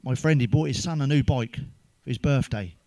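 A man's voice: mid-range voice, normal speed, warm tone, dry recording. An English man doing crude one-liner stand-up, swearing heavily and laughing at his own jokes. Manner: sips a drink between jokes. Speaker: stand-up comedian.

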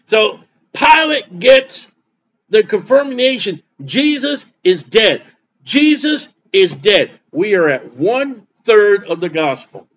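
High-voiced emphatic man preaching a sermon. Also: very animated, takes it slowly, fairly bright tone, poor audio. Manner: emphatic, repeats points for stress. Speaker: pastor.

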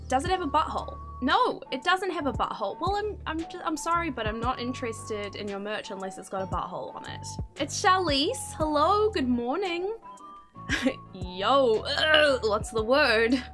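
A young woman giving casual, excitable gameplay commentary, gasping and swearing as she plays. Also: a little high. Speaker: gaming streamer.

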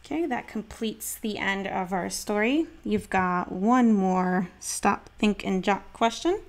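Slow, gravelly-voiced woman teacher. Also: mid-range voice. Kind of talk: children's read-aloud.

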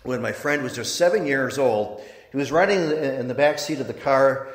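A man, a priest, giving a sermon, telling a story with halting restarts. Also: medium pitch. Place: church. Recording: echoey church with long reverb.

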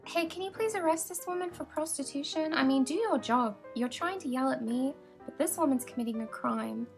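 High-voiced bossy British woman. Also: fairly quick, soft background music. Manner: bossy, mock-stern and provoking. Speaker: prankster player in a virtual world. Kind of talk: casual trolling voice chat.

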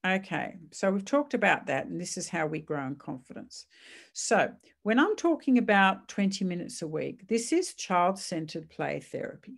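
A woman's voice: fairly low pitch, sing-song, moderate pace, vocal fry. A woman, a psychiatrist, giving a chatty and reassuring talk on parenting, with asides and restarts. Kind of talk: casual online talk.

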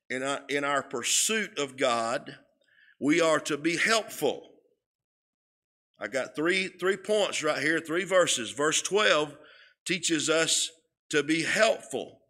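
A man teaching a Bible lesson in a church, deliberate and emphatic, leaning on each key word. His voice sits a little high for a man and has a bright, forceful edge. He talks very slowly. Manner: slow and emphatic, stretching key words, often repeating words. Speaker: Sunday school teacher. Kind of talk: sermon-style Bible lesson. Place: church sanctuary.

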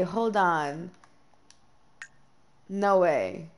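A young woman streaming a life-sim game, chatting casually with lots of ums and quick bursts of dismay. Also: lowish voice, fairly even intonation, creaky, a little mellow. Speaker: gameplay streamer. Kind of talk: casual gameplay commentary.

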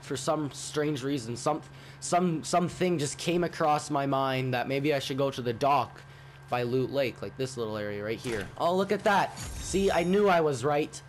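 A man giving casual gameplay commentary, rambling and swearing, with sudden loud outbursts. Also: mid-range voice, slight background noise. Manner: profane, rambling, jumpy outbursts. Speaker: gaming YouTuber.

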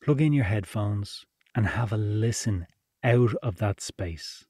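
A man's voice: lowish voice, slow, dark tone, breathy edge, no echo, studio quality. Chatty, informal man teaching a workshop. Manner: chatty, informal, laughs while explaining. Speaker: podcast production instructor.

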